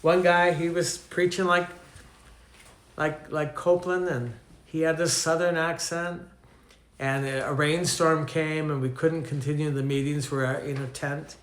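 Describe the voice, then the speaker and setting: This older Canadian preacher has a steady, fairly bright voice on the high side and speaks a little slowly. The sound is reverberant. His teaching sermon mixes conversational anecdotes with questions aimed at the congregation.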